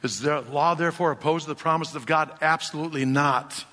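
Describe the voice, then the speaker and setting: Bright-voiced pastor preaching in a hall. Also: male voice, a little high, steady tone, fairly quick. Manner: direct, challenging, asks the crowd rhetorical questions. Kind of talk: sermon. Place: church sanctuary. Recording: long reverb of a church hall.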